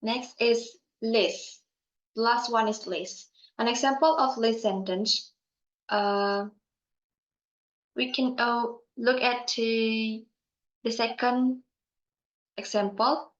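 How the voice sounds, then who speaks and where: A young woman giving a class presentation, speaking slowly and carefully with pauses and fillers. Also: a little high, steady tone. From Indonesia. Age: young adult. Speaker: student presenter. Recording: muffled sound in an echoey room.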